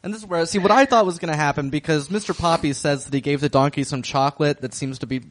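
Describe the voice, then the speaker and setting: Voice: mid-range voice, fast talker. A podcast co-host chatting casually in a wry, laid-back way about a movie. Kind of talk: casual movie review chat.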